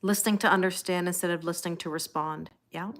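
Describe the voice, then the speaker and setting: A chatty woman with a Canadian accent hosts a live tarot stream, answering viewer comments one by one. Her voice sits a little low, and she keeps checking in with a reassuring "you know?". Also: steady tone, fast, a bit bright. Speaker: tarot reader hosting a livestream. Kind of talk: casual live chat, reading out viewer comments.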